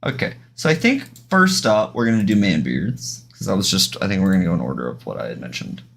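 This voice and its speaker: A man with a low, gravelly voice chats loosely to his viewers while he plays, as a live stream host does. His pitch swings widely, and his sentences wander and restart. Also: very animated, quick pace, a bit bright. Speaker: game streamer. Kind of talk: casual live-stream chat while gaming.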